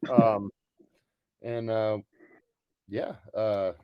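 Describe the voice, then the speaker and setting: A man's voice: lowish voice, flat delivery, drawn-out words, smooth, no echo, highs cut off. A man in a band explaining the story behind their songs in a casual interview, with many ums and uhs. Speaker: band member.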